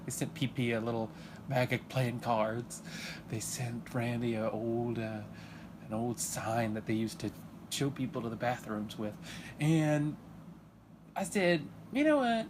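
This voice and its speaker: Rambling man with a noisy hiss behind. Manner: rambling and halting, full of fillers, swinging into sudden high excited outbursts. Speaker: comedic character monologue. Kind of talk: deadpan comedy monologue in character as a dad.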